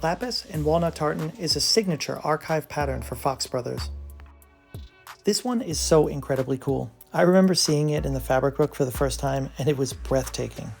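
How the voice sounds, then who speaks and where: A brand presenter with a gravelly voice at an ordinary mid pitch reads from a script a little fast. He sounds enthusiastic and admiring throughout, with soft music playing faintly in the background.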